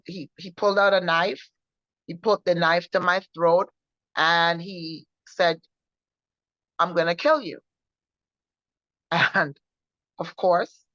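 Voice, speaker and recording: A woman co-hosting a faith show, recounting her personal testimony in an earnest, halting way with many restarts. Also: lowish voice, fairly bright tone, dry recording. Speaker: co-host sharing her testimony. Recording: dull, muffled sound.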